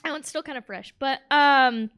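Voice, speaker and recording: A woman's voice: high voice, normal speed, fairly bright tone. A woman doing a stand-up set on a comedy club stage, brash and bawdy, laughing at her own jokes. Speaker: stand-up comic.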